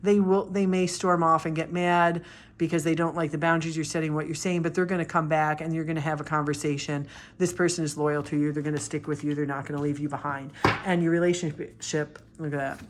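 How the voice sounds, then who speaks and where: A woman reading tarot cards in a casual, blunt, animated way, swearing freely and acting out confrontations. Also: deep voice, a little fast, a little hiss or hum. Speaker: tarot reader and life coach.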